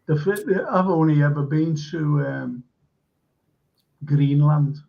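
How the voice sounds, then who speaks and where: In a fairly high, gravelly voice, the live-stream host talks slowly and tells stories eagerly, wandering along with plenty of filler words. The recording's high frequencies are cut off.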